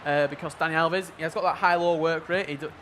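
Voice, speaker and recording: A man giving play-by-play commentary on a football video game match, measured and level-headed in his analysis. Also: fairly high pitch, fairly even intonation, a bit bright, a little hiss or hum. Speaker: esports commentator.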